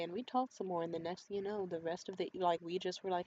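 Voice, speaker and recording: A woman vlogger telling a personal story in a candid, profane and animated way. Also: on the low side, quick pace, few pauses. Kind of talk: storytime monologue. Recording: slightly dull, faint hiss.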